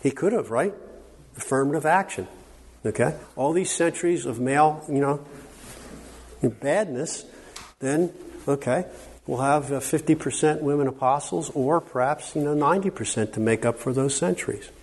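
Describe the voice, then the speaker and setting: This man's voice is a little high, a bit mellow and slightly rough, at a moderate pace. Lecturing at a conference workshop, he's emphatic and conversational, frequently pausing for an "okay?" with his listeners.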